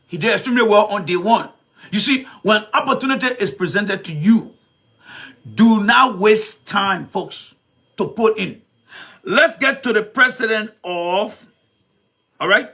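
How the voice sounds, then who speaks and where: A man hosting a live commentary stream, animated and repetitive, talking straight to his viewers. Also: sits high. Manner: animated, repeats himself, talks to viewers as folks. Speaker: commentary show host.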